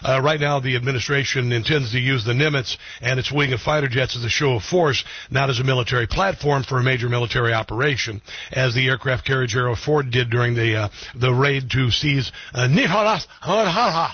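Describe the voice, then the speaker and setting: Male talk radio host, husky and dry, blunt opinions, halting delivery with lots of fillers. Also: medium pitch, fairly even intonation, no echo, muffled recording. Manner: blunt, opinionated, many ums and restarts. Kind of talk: political talk radio commentary.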